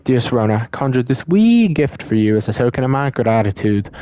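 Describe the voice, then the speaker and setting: A man voicing an Irish schoolboy's thank-you letter with a deliberately bad Irish accent. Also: medium pitch, sing-song, mellow, clear, resonant tone, natural voice. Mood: grateful.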